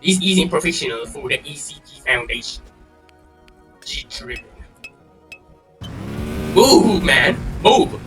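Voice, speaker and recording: A young man giving casual gameplay commentary, excitable, swearing and trash-talking with lots of slang. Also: fairly high pitch, slow pace, long pauses. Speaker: gaming channel host. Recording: distant mic with game music behind.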